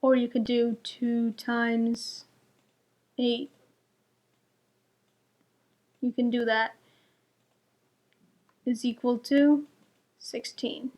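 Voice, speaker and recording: A young woman tutoring math to young students, patiently explaining each step and checking her answers. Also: sits high.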